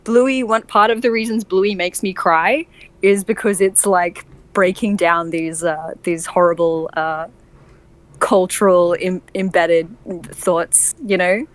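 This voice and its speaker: A chatty Australian woman who speaks in a fairly low voice. She talks in loose, rambling runs full of um and like, laughing easily. The recording is dry and close. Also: fairly even intonation, takes it slowly, dry recording. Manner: chatty, laughs often, many fillers. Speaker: voice actor. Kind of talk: casual group chat.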